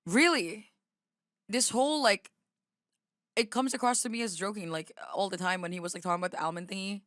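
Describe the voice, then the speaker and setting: A woman's voice: mid-range voice, fairly quick, fairly bright tone, no room sound, clean studio sound. A Filipino woman streamer chatting casually while reacting to a video, rambling with lots of fillers and restarts. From Philippines.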